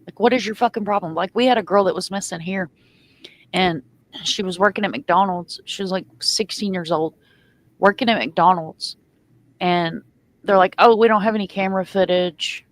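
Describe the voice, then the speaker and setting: A woman's voice: on the low side, normal speed. Female host, heated and foul-mouthed, casual group talk. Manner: angry, profane ranting.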